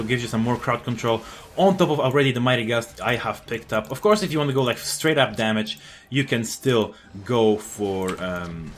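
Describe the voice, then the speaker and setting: A man with a voice on the low side gives live commentary over his gameplay. He explains what he's doing, grows excited, swears at enemies, and speaks with frequent fillers and restarts.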